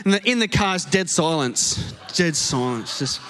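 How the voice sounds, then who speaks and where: A man with an Australian accent preaching a sermon, telling a story in an animated, self-mocking way on a stage microphone in a church auditorium. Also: fairly high pitch, measured pace. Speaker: pastor. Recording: long hall reverb.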